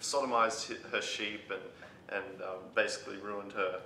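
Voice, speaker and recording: A man's voice: fairly even intonation, moderate pace, sharp tone. A man reviewing a film in casual chat, talking in a hesitant way full of fillers. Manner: hesitant, filler-heavy summarizing. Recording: roomy room with faint rumble.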